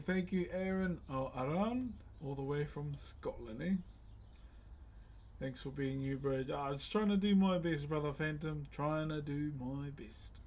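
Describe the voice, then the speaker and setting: Kiwi guy on a carving stream, slow easy talk, calls everyone bro. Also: a little high, a little mellow. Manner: laid-back, greets viewers as "bro". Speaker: wood carver live-streaming. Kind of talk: casual live-stream chat.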